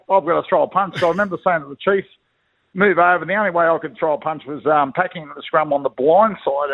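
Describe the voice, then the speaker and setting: A man's voice: on the high side, gravelly, dry recording. A middle-aged Australian man, a former rugby league player, telling slangy, rambling stories as a guest on a radio call. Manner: blokey storyteller, slangy, rambling with restarts. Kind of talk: casual radio interview by phone. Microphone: telephone. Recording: tinny dry phone line.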